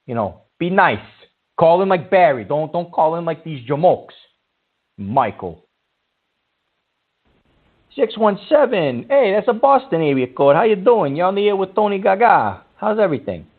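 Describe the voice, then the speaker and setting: A man's voice: high voice, sing-song, normal speed, pauses often, slightly rough. A man hosting a comedic call-in radio show, blustery and exasperated. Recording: tinny phone-like sound.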